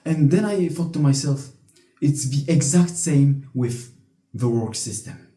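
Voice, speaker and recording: Young man ranting, very dark tone. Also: a little high, unhurried. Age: young adult. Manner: blunt, profane, frequent restarts. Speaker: vlogger. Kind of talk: casual storytelling rant. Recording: echoey room.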